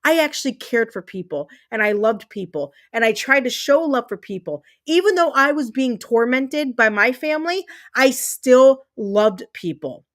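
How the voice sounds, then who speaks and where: A woman's voice: on the high side, expressive, moderate pace, few pauses. A woman in her thirties hosting a livestream, ranting with emphatic, repetitive, heated speech and swearing as she fumes. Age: 30s. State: fuming. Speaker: livestream host. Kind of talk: angry livestream rant.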